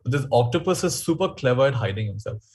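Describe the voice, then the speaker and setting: Husky male speaker leading a webinar, storytelling, animated and reflective. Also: medium pitch, fast. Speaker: workshop speaker. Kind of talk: webinar talk.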